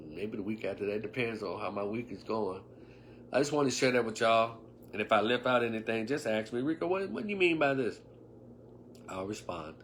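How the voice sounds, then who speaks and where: A man's voice: fairly low pitch, fairly bright tone, slight background noise. A man in his fifties talking casually on a livestream, emphatic and preachy, with sarcastic remarks and muttered asides. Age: 50s. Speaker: online commentator. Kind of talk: casual livestream opinion talk.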